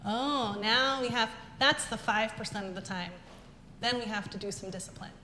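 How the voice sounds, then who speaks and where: A woman giving an animated, emphatic business talk to a live audience, acting out quoted remarks as she goes. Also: fairly high pitch, moderate pace, a little hiss or hum. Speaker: business speaker. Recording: echoey hall with faint ambience.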